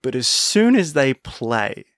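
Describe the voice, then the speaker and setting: A man's voice: medium pitch, very animated, takes it slowly, a bit bright, no echo, clean studio sound. A man co-hosting a casual sports podcast, rambling with frequent restarts and fillers. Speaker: podcast co-host. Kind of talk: casual chat.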